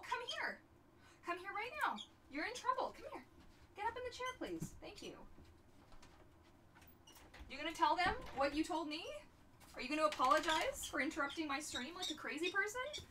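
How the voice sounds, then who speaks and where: A young woman with a high, sharp-toned voice hosts a livestream, chatting in a bubbly, goofy way while crafting and talking to her pets. She sits far from the mic, and there's a little hiss or hum.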